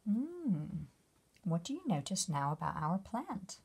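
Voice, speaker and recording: A woman reading a picture book aloud to children as their teacher, gently asking them questions about the pictures. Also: mid-range voice, big pitch swings, a little slow, husky. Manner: gentle, asks the listener questions.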